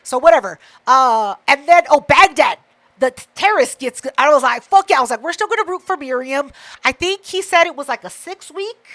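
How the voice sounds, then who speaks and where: A woman co-hosting a podcast, telling a story in casual chat, profane and animated, acting out what others said. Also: sits high, fairly quick. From Mexican heritage. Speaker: podcast co-host.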